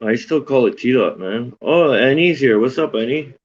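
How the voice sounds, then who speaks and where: A man's voice: medium pitch, lively intonation, moderate pace, dull audio. A man in casual chat on a livestream, laid-back and slangy. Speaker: stream chat participant.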